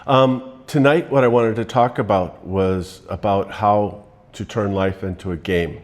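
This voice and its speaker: A man giving a relaxed, rambling motivational talk, telling stories to make his points. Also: lowish voice, a little slow. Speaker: motivational speaker.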